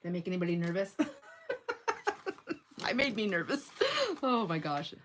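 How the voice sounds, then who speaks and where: A woman's voice: medium pitch, big pitch swings, measured pace, background noise. A woman in her sixties hosting a crafting livestream, chatting casually and giggling as she narrates each step of her work. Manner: chatty, giggly, thinks aloud while working.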